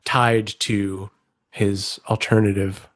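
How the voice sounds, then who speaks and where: Measured, thoughtful male podcast guest. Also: lowish voice, little pitch movement. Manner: measured, thoughtful, reasons aloud. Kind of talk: casual chat.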